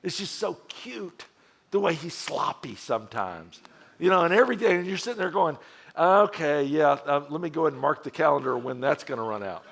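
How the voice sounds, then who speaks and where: A middle-aged man gives a sermon to a men's group in a relaxed, conversational way. His voice sits a little high for a man, and he keeps it animated, acting out the people in his stories with big swings in pitch and loudness. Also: a little fast, gravelly. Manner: conversational storytelling with acted quotes. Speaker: pastor.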